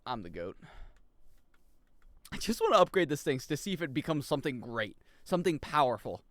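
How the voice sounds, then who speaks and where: A man's voice: a little high, brisk, dry recording. A man streaming a video game, chatting with viewers and joking as he plays. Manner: excitable, jokey, reacts loudly and reads chat aloud. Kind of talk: live gaming commentary.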